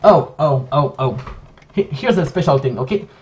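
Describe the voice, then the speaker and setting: A man who speaks English as a second language, giving a casual commentary vlog in a halting, self-correcting way. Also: on the high side, expressive, darkish tone, slight background noise. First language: not English. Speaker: video essayist.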